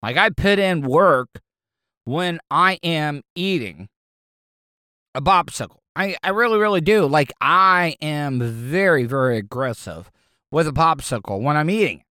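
Male solo podcaster, slightly high voice, dry close sound, rambling and crude, lots of restarts. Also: lively intonation, a little slow, pushed and bright, clear, resonant tone, dry recording. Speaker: podcast host. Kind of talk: casual solo monologue.

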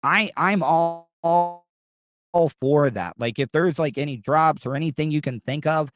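A man's voice: fairly high pitch, a little slow, dry recording, studio quality. A man hosting his podcast in casual chat, talking in a rambling way with lots of restarts and swearing. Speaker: podcast host.

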